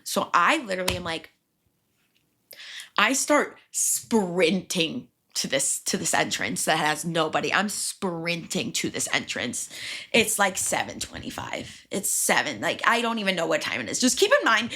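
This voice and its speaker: A woman's voice: medium pitch, big pitch swings, moderate pace, pushed and bright. A young woman hosting a podcast, telling a story in a rambling, frantic way and swearing often. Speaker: podcast host. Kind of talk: casual storytelling.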